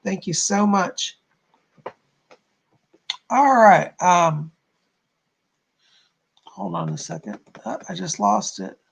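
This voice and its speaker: A man's voice: sits high, takes it slowly, vocal fry, pauses often, slight background noise. A man hosting a live stream, giving chatty, reassuring psychic readings and addressing viewers by name. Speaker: psychic medium, stream host.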